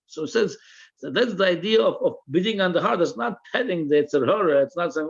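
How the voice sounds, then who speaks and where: A man's voice: high-pitched, expressive, moderate pace, gravelly, husky, highs cut off. A man teaching a religious text class, reading each phrase aloud and translating it line by line, often repeating words while he searches for the right translation. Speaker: Torah teacher.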